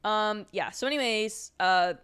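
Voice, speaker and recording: A young woman hosting a casual watch-along livestream, chatty and rambling, with quick apologetic asides and a sleepy edge. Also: medium pitch, fairly bright tone, clean tone. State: sleepy, yawning. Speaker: livestream host.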